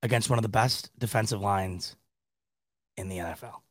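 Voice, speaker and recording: On his sports reaction podcast, a man chats in a rambling, exasperated way, restarting often and laughing until he cries. The lowish voice moves at normal speed, and the studio-quality recording is dry.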